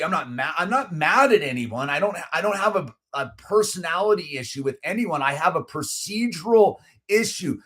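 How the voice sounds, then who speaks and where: A middle-aged man telling a story in casual chat, animated and heated, with lots of "dude" and "like" and many restarts. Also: a little high, normal speed, hardly any pauses, husky. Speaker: channel host.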